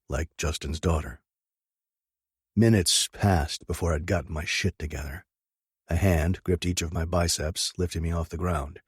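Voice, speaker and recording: A man's voice: low-pitched, breathy edge, dry recording, clean studio sound. A man narrating a first-person audiobook with an intense, dramatic reading.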